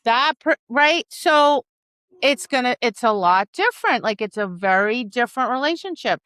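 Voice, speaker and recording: A woman dog trainer co-hosting a podcast, talking in an animated casual chat, often asking "right?" and acting out quoted lines. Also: fairly high pitch, moderate pace, smooth, no room sound, studio quality. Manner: frequent "right?" and "like".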